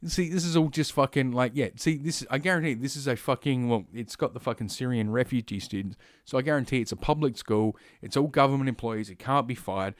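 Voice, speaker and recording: A man's voice: mid-range voice, no room sound, studio quality. A man ranting on a stream in a profane, rambling way, with heavy swearing. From Australia.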